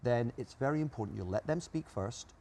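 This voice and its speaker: A man's voice: mid-range voice, lively intonation, a little fast, dark tone, slight background noise. A man being interviewed as an expert, explaining ideas emphatically and listing his points one by one. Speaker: guest expert. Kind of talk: interview answers.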